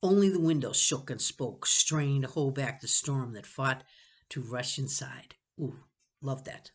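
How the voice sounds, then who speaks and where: A woman reading a novel aloud to students, pausing to savor phrases and chat about them. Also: very deep voice. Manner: expressive, stops to savor phrases. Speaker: reader for students.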